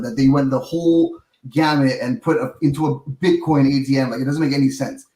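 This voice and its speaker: A man's voice: mid-range voice, fairly even intonation, fairly quick, dark tone, reverberant. A man in a casual podcast chat, wry and laid back. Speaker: podcast co-host.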